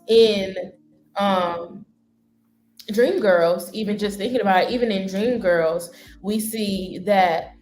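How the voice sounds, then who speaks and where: A woman speaking as a talk show guest, thoughtful and unhurried, pausing often with ums. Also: medium pitch, a little mellow, reverberant.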